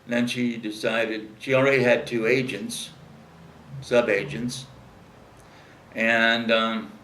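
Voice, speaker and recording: A man's voice: medium pitch, little pitch movement, slow pace, a bit bright, slight background noise. A man casually telling a long rambling anecdote with lots of fillers, acting out the people he quotes. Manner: rambling, frequent fillers, acts out quoted voices. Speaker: interview guest telling stories. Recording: distant mic in an echoey room.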